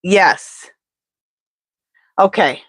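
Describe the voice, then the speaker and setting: A woman's voice: fairly low pitch, very slow, no room sound. A woman tarot reader in casual live-stream chat, rambling and talking straight to her viewers.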